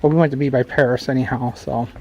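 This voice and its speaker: A man's voice: medium pitch, fairly even intonation, quick pace, a little mellow, poor audio. A middle-aged man filming a casual travel vlog on a handheld phone, walking a city sidewalk and chatting with many fillers and joking asides. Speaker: travel vlogger and channel host. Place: outdoors on a city sidewalk, then in a small car. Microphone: handheld phone camera.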